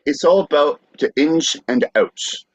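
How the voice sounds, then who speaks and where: A man co-hosting a podcast, playful and hesitant, filling pauses with many uhs. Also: a little high, expressive, dry recording. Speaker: podcast co-host. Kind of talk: casual comedic chat. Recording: dull lo-fi audio.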